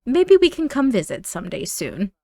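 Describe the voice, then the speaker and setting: A woman's voice: on the high side, wildly swooping pitch, moderate pace, gravelly, no room sound, studio quality, voice pushed up, exaggerated voice. A woman voicing a weary widowed mother who speaks kindly but hesitantly. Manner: warm, hesitant.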